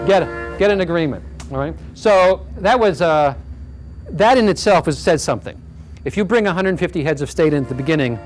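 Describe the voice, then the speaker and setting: A man's voice: fairly high pitch, darkish tone. A man giving a community lecture on slides, conversational and full of fillers, checking in with the audience. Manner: conversational, full of fillers and "all right?" asides. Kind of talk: public talk with slides. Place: community hall talk.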